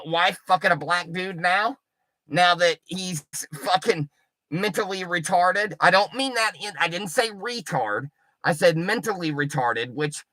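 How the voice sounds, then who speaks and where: Brief: middle-aged male streamer, taunting and foul-mouthed, bright forceful tone, very dry sound. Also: high-pitched, no echo. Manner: profane, taunting and mocking. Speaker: livestreamer. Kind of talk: rambling livestream rant.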